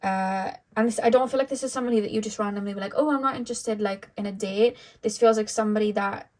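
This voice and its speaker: A woman's voice: medium pitch, fairly even intonation, quick pace, darkish tone, low-quality recording. A young woman doing a casual tarot reading, chatty, with many fillers. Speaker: tarot reader.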